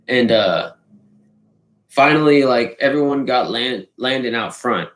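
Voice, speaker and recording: A man telling a wild party story in a casual, profane, animated way, swearing freely and acting out the hits with sound effects. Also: mid-range voice, measured pace. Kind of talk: casual anecdote. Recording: roomy echo.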